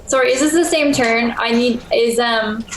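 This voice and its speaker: A woman's voice: on the high side, moderate pace. A young woman playing a tabletop game, eager and chatty, swearing casually. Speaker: player. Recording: echoey room, faint noise.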